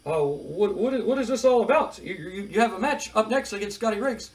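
Man putting on an older wrestling interviewer, sarcastic, halting, high-pitched. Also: expressive.

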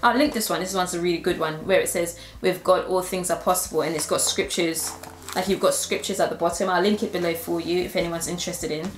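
A woman's voice: fairly low pitch, fairly even intonation, fast talker, a little hiss or hum. Earnest woman in an echoey room. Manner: earnest and heartfelt. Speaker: Christian influencer. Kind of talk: personal testimony vlog.

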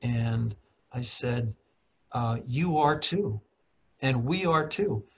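A middle-aged man, a professor, calmly telling a personal story in a talk, often clearing his throat and restarting his sentences. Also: medium pitch, takes it slowly, rough recording. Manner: calm, reflective, frequent throat clearing and restarts. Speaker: professor and author.

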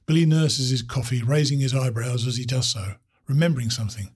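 A man reads a story aloud in a steady, descriptive way. His voice sits in a middle pitch and carries a husky, raspy grain. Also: a little fast, hardly any pauses.

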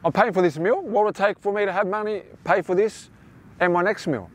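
A man's voice: high voice, fairly quick. A young man hosting a motivational self-help talk, rambling and repeating himself as he addresses listeners as his friends. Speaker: host.

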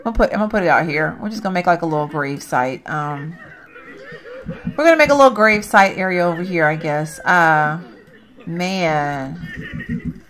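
A woman commenting casually on her gameplay, chatty and reacting loudly to what happens, often calling out to viewers. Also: fairly low pitch, lively intonation, normal speed, long pauses. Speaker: gaming channel host.

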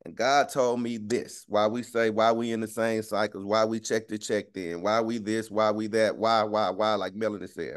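A young man preaching a relaxed, slangy sermon, often laughing and checking in with his listeners. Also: on the low side. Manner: conversational, keeps asking "right?". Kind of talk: casual street-talk sermon.

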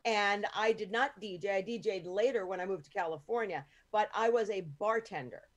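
A woman's voice: mid-range voice, normal speed. Frank, salty American woman host. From United States. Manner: frank and salty, with swearing and restarts. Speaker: podcast host. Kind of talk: casual podcast chat.

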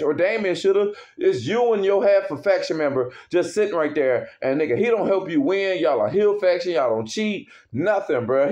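A man's voice: high voice, a little mellow. A man angrily ranting as a wrestling fan, heavy with profanity and worked up. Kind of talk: casual rant. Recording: dull lo-fi recording.

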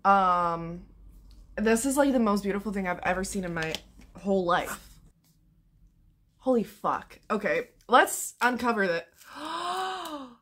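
Young female book vlogger, casual and excitable, swears freely, bright tense tone. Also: medium pitch, a little slow, long pauses. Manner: excitable, gushing, swears a lot. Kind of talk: casual vlog chat.

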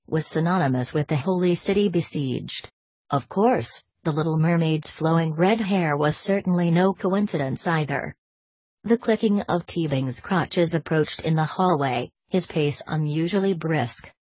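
Low-voiced woman reading a novel aloud, kinda husky, dry close sound. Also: darkish tone, no room sound. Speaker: audiobook narrator. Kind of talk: audiobook reading.

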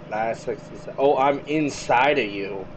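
A man giving excitable, joking commentary while playing a video game, often breaking into exclamations. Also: medium pitch, normal speed, a little hiss or hum. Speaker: gaming YouTuber. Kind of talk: let's-play commentary.

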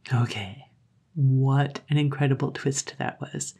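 Low, husky woman telling a dark tale. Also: fairly even intonation, measured pace. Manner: hushed, often whispering. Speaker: story narrator. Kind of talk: audiobook storytelling.

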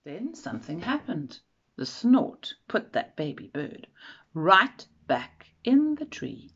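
Expressive woman reading a storybook. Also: on the low side, takes it slowly, breathy edge. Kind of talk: children's storybook read-aloud. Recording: dull lo-fi recording.

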